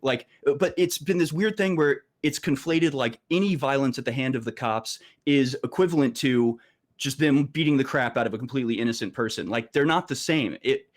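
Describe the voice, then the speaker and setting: Halting mid-pitched male guest. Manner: halting, many restarts and fillers. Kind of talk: casual political talk.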